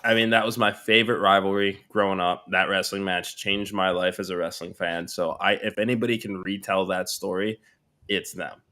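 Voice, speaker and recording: A man with a fairly low voice co-hosts a casual podcast. He thinks out loud, circling back and restarting his sentences as he works through his opinions on wrestling. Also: steady tone, normal speed. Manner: rambling, thinks aloud with many restarts. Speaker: podcast co-host.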